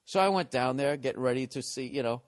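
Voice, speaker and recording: A man's voice: mid-range voice, fast talker. A man hosting a podcast, telling a comedic story as a profane, exasperated, sarcastic rant. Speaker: podcast host.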